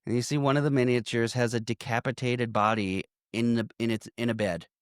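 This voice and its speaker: A man's voice: mid-range voice, a little fast, clear, resonant tone, dry recording, studio quality. A man co-hosting a podcast, recapping a horror film in casual chat, laughing and acting out the characters' lines. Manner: animated, laughing, swearing, acting out quotes. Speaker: podcast co-host.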